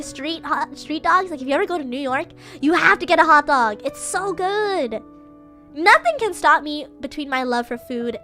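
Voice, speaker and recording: High, bright-voiced woman streamer. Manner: animated, giggly, playfully dramatic. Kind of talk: casual livestream storytelling.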